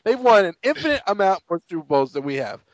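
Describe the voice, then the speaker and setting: A man's voice: sits high, very animated, fast talker, no room sound, highs cut off. A man co-hosting a sports podcast, ranting in an exasperated, sarcastic way and mocking people in quoted voices. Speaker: podcast co-host. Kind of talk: casual sports podcast rant.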